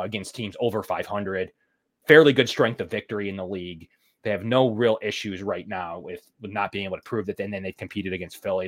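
A man co-hosting a sports podcast, giving loose, filler-heavy game predictions in casual chat. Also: lowish voice. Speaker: podcast co-host.

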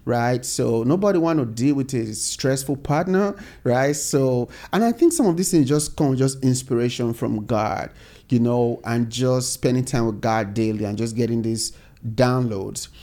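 A man's voice: medium pitch, normal speed, dark tone. A man, a company founder, talking earnestly in a casual interview, explaining his ideas step by step. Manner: earnest, explains in steps with repeated phrases. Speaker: software company founder, guest.

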